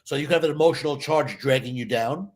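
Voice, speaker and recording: A man, a stage hypnotist, chatting in a casual interview and telling lively stories, acting out other people's voices. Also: medium pitch, fast talker. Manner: animated storyteller, acts out voices.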